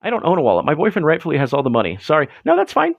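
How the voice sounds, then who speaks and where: A man in his young adult years hosts a late-night livestream alone, riffing on chat messages with rambling, self-mocking jokes. His voice sits high and leaps up and down constantly. The sound is dry and close. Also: wildly swooping pitch, rapid-fire, gravelly, no room sound, dull audio. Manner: rambling, self-mocking, jokey, swings his pitch up and down a lot. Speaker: livestream host.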